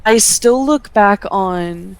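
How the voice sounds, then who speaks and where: A woman wrestler answering interview questions in an earnest, measured way, slowing down to stress her points. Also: mid-range voice, clear, resonant tone. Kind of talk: casual sit-down interview.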